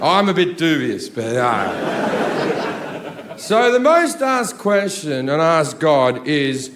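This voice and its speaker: A man's voice: a little high, sing-song, extremely slow, slight background noise. A man in his thirties doing a profane, ranting stand-up comedy set on a theatre stage into a handheld mic. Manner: profane, ranting, ramps up to shouting. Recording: live theatre with audience. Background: audience laughter.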